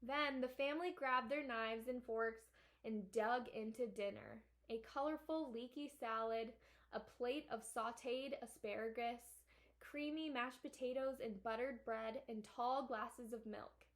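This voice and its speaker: A woman teacher reads a children's novel aloud. Her voice sits on the high side. She keeps a steady, expressive pace through the narration. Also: measured pace. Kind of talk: children's book read-aloud.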